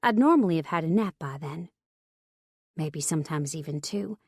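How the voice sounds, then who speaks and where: A woman's voice: sits low, expressive, moderate pace, breathy edge, no echo, studio quality. Intimate woman narrating a romance audiobook. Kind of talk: first-person romance narration.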